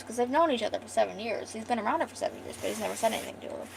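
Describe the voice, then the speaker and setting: A woman's voice: fairly high pitch, lively intonation, racing, vocal fry, hardly any pauses, a little hiss or hum, rough recording. A woman streamer casually retelling her comic's story in a loose, rambling way.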